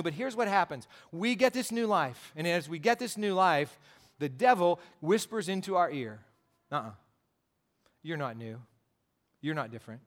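A man with a notably high speaking voice delivers a Sunday sermon. He preaches earnestly, circling back on key phrases and posing rhetorical questions to his listeners. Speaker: pastor.

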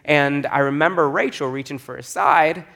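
A pastor in his thirties telling a story from the pulpit, with a voice a little higher than most men's. He keeps the story lively and slips into the voices of the people he describes. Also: normal speed, gravelly. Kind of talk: storytelling sermon.

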